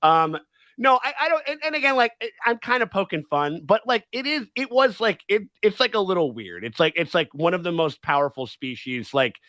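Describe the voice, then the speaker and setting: A man hosting a casual livestream chat, excitable and rambling, with many restarts and swearing. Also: sits high, a little fast, dry recording. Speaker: livestream host.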